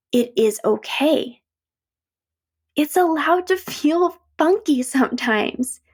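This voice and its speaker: A woman with a slightly high, gravelly voice, talking gently on her own podcast. She reflects and encourages, and now and then slips into little acted-out inner voices. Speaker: podcast host and coach. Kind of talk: reflective solo podcast talk.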